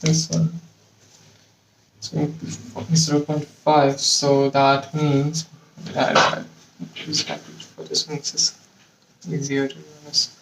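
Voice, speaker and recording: A man's voice: on the high side, monotone, slow, pauses often, noisy background. A young man working alone at a bench, muttering measurements and swearing in frustration as he goes. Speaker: hobbyist lab vlogger. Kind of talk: casual working commentary. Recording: echoey room, distant mic.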